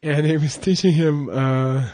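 A man who is a Buddhist monk, telling a teaching story casually, rambling and halting with fillers. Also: a little high, steady tone, mellow.

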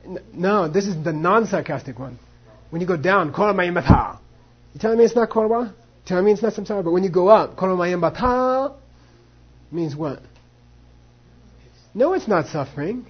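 A man's voice: high-pitched, lively intonation, a little fast, husky, muffled recording. A man teaching a class on monastic debate, acting out both sides and mixing in Tibetan phrases. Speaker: Buddhist philosophy teacher.

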